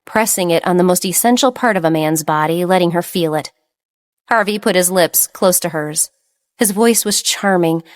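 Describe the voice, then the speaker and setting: A woman narrates a romance novel in a steady, even reading voice. Her pitch sits a little low for a woman, and the pace is measured. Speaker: audiobook narrator. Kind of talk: scripted narration.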